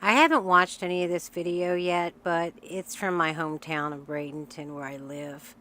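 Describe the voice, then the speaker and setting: A woman's voice: fairly low pitch, steady tone, moderate pace, sharp tone. A woman hosting her reaction channel, chatty and friendly, sounding sick with a strained voice. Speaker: channel host. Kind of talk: casual reaction-video intro.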